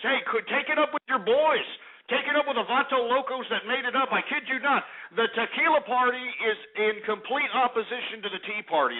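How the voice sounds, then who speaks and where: Man, radio call-in host, high voice, mocking, stammering repeats, tinny phone-like sound.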